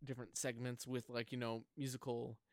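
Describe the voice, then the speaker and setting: A man hosting a relaxed home podcast speaks close to a drum mic on a stand, rambling through casual chat packed with fillers. His voice is medium in pitch, fairly quick, and flat in delivery, with no room sound.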